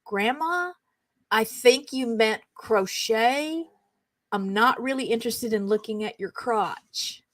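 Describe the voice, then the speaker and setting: This middle-aged show host reads funny texts aloud slowly in a fairly bright, high-leaning voice, chatting casually and giggling along the way. The recording has no room sound.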